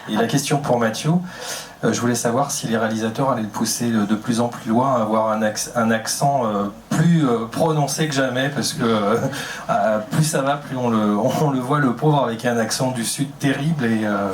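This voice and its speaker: A man's voice: mid-range voice, brisk, slight background noise. A man in the audience asking a question from the floor, hesitant and chuckling with many fillers. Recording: distant from the mic in an echoey room.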